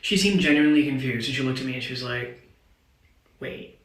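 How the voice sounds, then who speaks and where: A man from India, telling a story to camera in a wry, deadpan way. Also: medium pitch, brisk, reverberant, low-quality recording.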